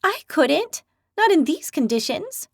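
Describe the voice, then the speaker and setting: Woman doing a young woman healer, grumpy, quarrelsome, brave, blunt, high, lively, dry audiobook sound. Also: unhurried, dry recording, heavily acted. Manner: blunt, spirited.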